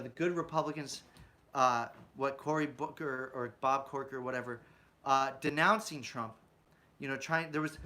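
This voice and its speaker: Channel host, male, bright tense tone, ranty political commentary full of rhetorical questions. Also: a little high. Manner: ranting, asks rhetorical questions, often adds "right?"; mocks opponents with put-on quotes.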